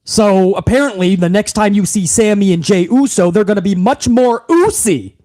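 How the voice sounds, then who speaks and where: A man's voice: high-pitched, lively intonation, normal speed, dark tone, dry recording. A man hosting a wrestling podcast, recapping the show in a heated, profane rant full of incredulous repeats. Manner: heated, swearing, incredulous, talks over himself with repeats.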